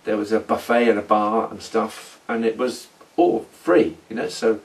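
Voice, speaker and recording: A middle-aged man telling his story in a rambling, halting role-play monologue. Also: on the low side, fairly even intonation, distant mic. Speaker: former oil company manager in a role-play.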